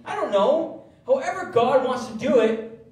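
A man preaching a sermon as pastor, animated, acting out the voices he quotes. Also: very high-pitched, unhurried. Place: church sanctuary. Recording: echoey church hall from far off.

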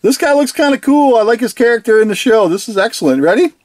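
A toy reviewer talks through a casual video review with bubbly enthusiasm. The voice swoops up and down lively, breaking into giggles and playful imitations of the toys' lines. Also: medium pitch, fast talker, no echo. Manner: giggly and enthusiastic, laughs often; mimics the toys' catchphrases playfully.

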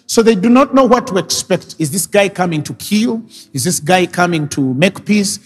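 A man's voice: high voice, expressive, normal speed, husky. A male pastor preaching a sermon, retelling scripture and driving his points home with rising, emphatic questions. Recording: reverberant hall with faint music.

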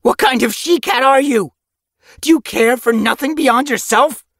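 A man voicing a hurt, angry young tom cat warrior with a sharp, accusing manner. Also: mid-range voice, sing-song, moderate pace, no room sound, studio quality, pitched above the performer's own voice. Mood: furious.

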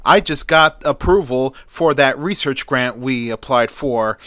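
A serious scientist with a deadpan, technical delivery, played by a male storyteller. The voice is bright and smooth, recorded close with a dry sound. He lays out facts flatly, without any sign of excitement. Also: medium pitch, unhurried, no room sound.

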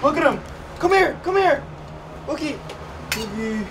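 A young man hosting a nighttime ghost-hunt vlog, his voice high and swinging wildly up and down as he repeats himself and exclaims at every noise. It is a noisy home-video recording made with a handheld camera indoors in the dark. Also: animated, a little slow. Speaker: YouTube host.

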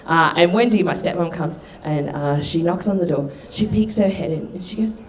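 A woman doing stand-up, telling stories in a brash, animated way and shouting her punchlines. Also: on the low side, moderate pace, hardly any pauses. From Australia. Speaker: stand-up comedian. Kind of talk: stand-up routine. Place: comedy club stage with audience.

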